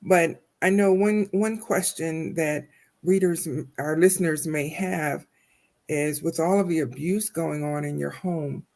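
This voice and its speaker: Slow, careful podcast host. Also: mid-range voice, vocal fry, darkish tone. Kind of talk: interviewing a guest.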